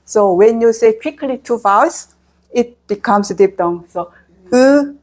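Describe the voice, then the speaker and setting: A woman's voice: fairly high pitch, expressive, slow pace, darkish tone. A woman with a Korean accent teaching pronunciation, patiently repeating syllables for learners to copy. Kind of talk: slow, patient pronunciation lesson.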